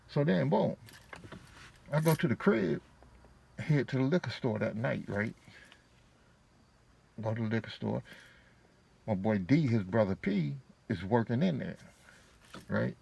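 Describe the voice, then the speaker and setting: A man's voice: lowish voice, animated, normal speed, gravelly, pauses often, darkish tone, breathy edge. A man telling a casual personal story to his viewers, slangy and profane with a laid-back delivery. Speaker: vlogger.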